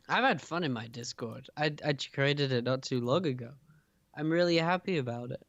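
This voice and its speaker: A man co-hosting a casual late-night rambling chat, excitable and quick to laugh and gasp. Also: medium pitch, no room sound, lo-fi sound. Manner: giggly, excitable, reacts with gasps and laughs. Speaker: co-host.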